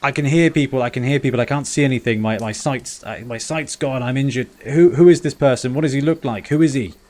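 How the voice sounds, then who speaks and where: A man's voice: mid-range voice, quick pace, darkish tone, natural voice. A man doing an anxious blinded old man. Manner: pleading, stammering.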